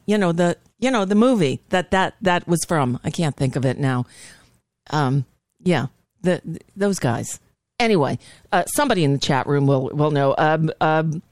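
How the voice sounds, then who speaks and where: A woman's voice: low-pitched, dry recording. Dry-sounding scattered woman host. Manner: scattered, rambling, full of fillers and restarts. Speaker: radio show host. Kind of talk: casual talk-show chat. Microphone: studio microphone.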